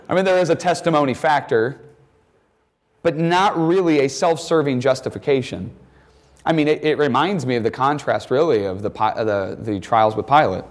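A man giving a conversational chapel talk to students, casual, with joking asides and acted-out quotes. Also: a little high. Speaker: campus chapel speaker.

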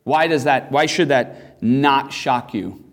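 A man's voice: slow pace, creaky. A man teaching a classroom Bible lesson, talking emphatically and reading scripture aloud in a raised voice. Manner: emphatic, reads scripture aloud with rising pitch.

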